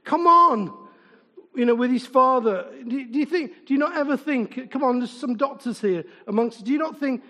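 A middle-aged preacher with a very high voice that rings out in a long echo through a large hall. His sermon is chatty and informal. He keeps turning to the congregation with questions and drops in funny stories about himself. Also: brisk, hardly any pauses, fairly bright tone. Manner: informal and chatty, asks the congregation repeated questions, tells humorous anecdotes. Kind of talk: conversational sermon.

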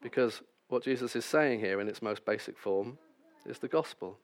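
A man's voice: mid-range voice, normal speed. A man preaching a sermon, reading scripture passages and then explaining them with wry, self-deprecating asides.

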